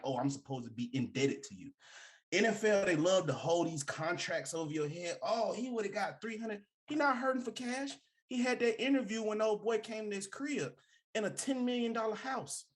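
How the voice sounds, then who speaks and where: Young adult man, sports talk co-host: emphatic, slangy, animated, lots of pitch swings. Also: normal speed. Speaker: podcast co-host. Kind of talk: casual sports debate.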